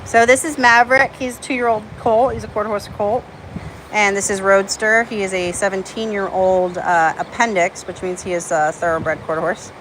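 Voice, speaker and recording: A woman's voice: steady tone, moderate pace, a bit bright, rough recording. Chatty woman vlogging outdoors on a farm. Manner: chatty, coos at the animals in a high baby voice. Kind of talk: casual vlog narration and talking to animals. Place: outdoors on a farm with birds and horses. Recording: outdoor farm noise behind.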